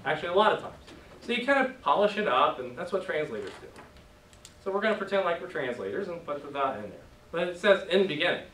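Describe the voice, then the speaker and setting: A man's voice: fairly high pitch, big pitch swings, fast, pushed and bright, a little hiss or hum. Guy teaching a class, jokey and patient, echoey room, mic kinda far off. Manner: patient, joking, leads call-and-response drills.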